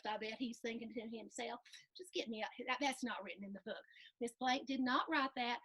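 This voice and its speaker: A middle-aged woman, reading a picture book aloud to children with animated gasps and playful asides. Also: on the high side, fairly quick, husky. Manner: animated, gasping, playful asides to young listeners. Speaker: storytime host reading to children.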